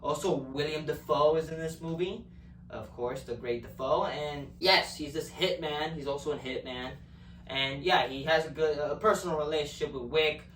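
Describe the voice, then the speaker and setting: A man's voice: fairly high pitch, normal speed, a bit bright, a little hiss or hum. A man talks through a casual movie review in a loose, profane, rambling way, restarting his sentences and repeating words as he goes. He sits back from the microphone, and his voice bounces around a roomy space. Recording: echoey room from a distance.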